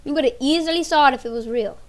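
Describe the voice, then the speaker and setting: A woman acting improvised scenes in a home movie, rambling and repeating herself in a hushed, uneasy way. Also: high voice, fast.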